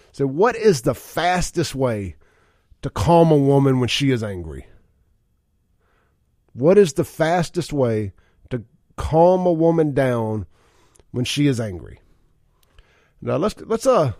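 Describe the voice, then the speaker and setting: A man's voice: medium pitch, a little mellow, no echo. A man hosting a casual talk radio show in a studio, reading listener texts aloud and chuckling often. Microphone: studio microphone.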